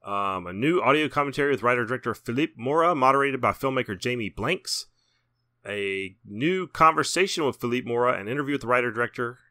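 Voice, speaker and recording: A man's voice: medium pitch, lively intonation, fairly quick, pushed and bright, no echo, clean studio sound. A man co-hosting a horror film podcast, casually chatting and reading out release details with offhand asides. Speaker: podcast co-host. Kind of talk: casual chat.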